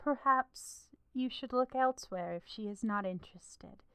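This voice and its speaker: A woman's voice: fairly high pitch, animated, measured pace, a bit bright, clean tone, no room sound. A woman voicing a frank, matter-of-fact female alchemist and shopkeeper in a tabletop game.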